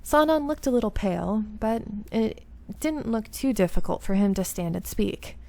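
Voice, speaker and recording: A woman's voice: on the high side, lively intonation, normal speed, vocal fry, a little mellow. A woman reading visual novel narration aloud and breaking off into chatty, self-deprecating asides.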